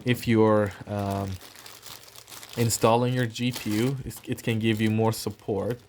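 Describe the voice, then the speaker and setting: Male vlogger, fairly low voice, loose chatty unboxing talk with fillers. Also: level tone, unhurried, darkish tone, a little hiss or hum. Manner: chatty, rambling, thinking aloud with fillers. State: coughing now and then. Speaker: tech channel host. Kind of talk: casual unboxing narration.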